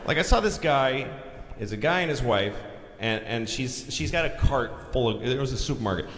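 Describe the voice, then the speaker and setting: A middle-aged man doing a stand-up comedy routine on a large theater stage, telling stories with lively voices and shouted punchlines. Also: mid-range voice, normal speed, a little hiss or hum. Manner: animated storytelling, acting out voices, shouting punchlines. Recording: live hall recording with crowd laughter. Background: audience laughter.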